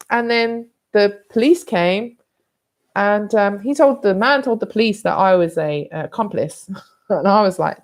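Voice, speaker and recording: A woman's voice: mid-range voice, measured pace. A British woman vlogging, telling a personal story in a candid, blunt, rambling way with some swearing.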